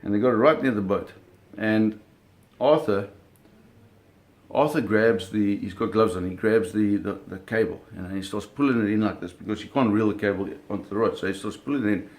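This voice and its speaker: With a lowish voice, a darkish tone, and a moderate pace, this storyteller shares a casual personal anecdote about shark hunting. He makes it vivid by acting out sounds, though he frequently corrects himself and repeats words.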